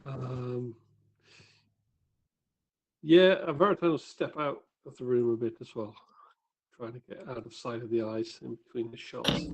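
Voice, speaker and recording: A man's voice: medium pitch, steady tone, measured pace, long pauses, a little hiss or hum. A man playing a tabletop game, easygoing and checking the rules. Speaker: player. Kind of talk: casual game talk.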